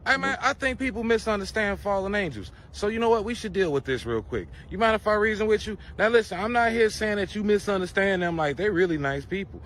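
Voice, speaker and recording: A man's voice: sits high, animated, fast talker, hardly any pauses, fairly bright tone. A man delivering a profane conspiracy rant to camera, preachy and crude, firing off rhetorical questions.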